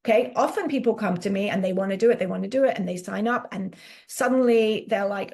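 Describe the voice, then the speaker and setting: A woman fitness coach talking casually in an interview, animated and full of "like" fillers, often acting out quotes. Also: mid-range voice, quick pace, creaky. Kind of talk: conversational interview storytelling.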